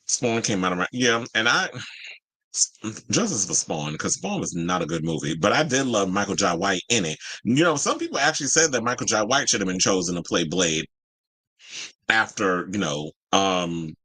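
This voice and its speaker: An entertainment news show host gives casual pop-culture commentary, animated and chatty, reading and answering live chat and swearing freely. His voice is bright, dry and low-pitched with a breathy edge, at a moderate pace. There is no room sound, and the audio is poor.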